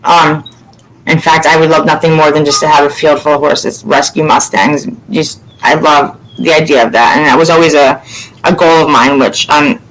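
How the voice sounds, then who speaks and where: A woman's voice: deep voice, fairly even intonation, moderate pace, a bit bright, poor audio. A woman hosting a casual chat, rambling and candid, swearing freely. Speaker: podcast host.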